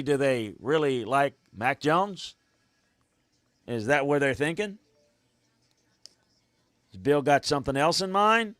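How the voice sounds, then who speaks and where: A man's voice: medium pitch, no room sound, studio quality. Man chatting through a live draft. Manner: thinks aloud, halting restarts, chuckles, gets excited. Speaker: draft show host. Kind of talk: live casual draft commentary.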